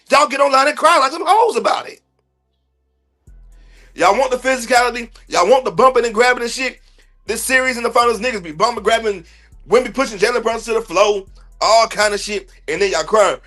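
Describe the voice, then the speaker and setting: A man with an extremely high, somewhat bright voice hosts a sports podcast livestream. He goes on a heated rant, blunt and profane, full of heavy slang.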